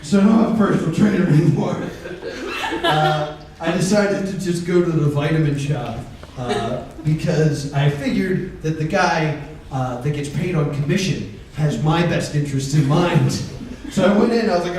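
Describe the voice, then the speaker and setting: A man doing a stand-up comedy set on a convention stage, acting out both sides of his stories with quick voice changes. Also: a little high, a little mellow, slight background noise. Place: convention stage with live audience. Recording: echoey room, far mic, crowd.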